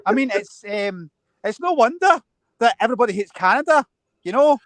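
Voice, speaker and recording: A man's voice: very high-pitched, sing-song, brisk, fairly bright tone, no room sound. A man joining a casual chat as a guest, mock-indignant and defensive. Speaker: panel guest.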